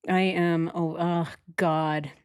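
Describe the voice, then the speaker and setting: A woman's voice: fairly low pitch, flat delivery, slow, a little mellow, clean tone. A woman hosting a true crime channel, reacting with frequent sighs, swearing and appeals to her viewers. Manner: exasperated, swearing, sighing a lot; asks her viewers directly. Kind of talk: reaction commentary.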